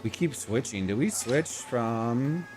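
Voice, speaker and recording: Man, game streamer, casual rambling commentary, chats with viewers, mid-pitched voice, soft music underneath. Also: expressive, takes it slowly. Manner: rambling and chatty, greets chat viewers. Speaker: livestream host.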